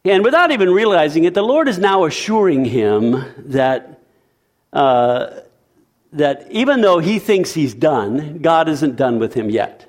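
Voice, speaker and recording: Animated male preacher with a lively voice. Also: on the high side, a little slow. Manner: animated, emphatic, conversational preaching. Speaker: pastor. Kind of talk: sermon.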